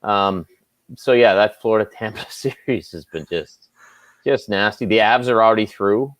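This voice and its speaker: A man with a Canadian Maritime accent, a sports anchor chatting as a guest in a relaxed, self-deprecating way. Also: fairly low pitch, moderate pace, no room sound. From Nova Scotia, Canada. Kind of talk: casual interview chat.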